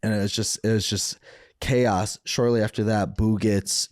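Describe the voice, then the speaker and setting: Low-voiced man telling raw stories. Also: flat delivery, moderate pace, dry recording, studio quality. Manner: rambling, profane, acts out quoted voices. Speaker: podcast guest, former fighter. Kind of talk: candid storytelling interview.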